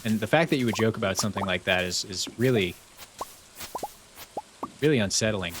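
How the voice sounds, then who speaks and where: A man's voice: lowish voice, lively intonation, fairly quick. Playful man on a noisy stream. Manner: playful, mock-serious banter. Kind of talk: casual live-stream chat with viewers.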